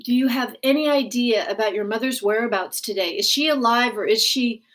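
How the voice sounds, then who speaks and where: A woman's voice: fairly high pitch, a little fast, a bit bright, natural voice. A woman reading the part of a brusque male official who questions a refugee, in a formal, clipped manner. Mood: curt.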